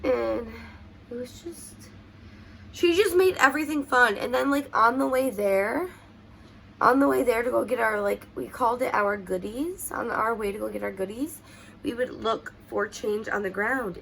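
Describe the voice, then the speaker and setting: A woman's voice: medium pitch, vocal fry, fairly bright tone, slight background noise. A young woman vlogger telling childhood stories in a rambling, tearful way at home. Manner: emotional, rambling with many fillers. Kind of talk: casual personal storytelling. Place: at home doing makeup.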